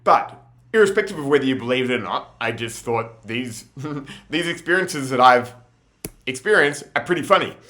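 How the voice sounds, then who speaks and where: A young man rambles through casual stories, laughing often and using plenty of slang. His voice is bright, at a middle pitch. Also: animated, moderate pace. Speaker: vlogger. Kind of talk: casual storytelling monologue.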